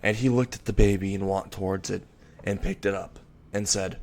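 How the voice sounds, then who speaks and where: A man's voice: deep voice, steady tone, moderate pace, vocal fry, a little mellow. A man narrating a fan-made story in a casual, rambling way, restarting words and swearing casually.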